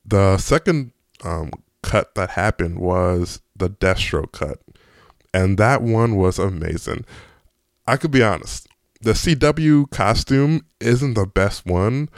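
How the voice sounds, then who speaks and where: A man giving a casual movie review, excitable and chatty, with frequent ums and restarts. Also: on the low side, takes it slowly, no echo, studio quality.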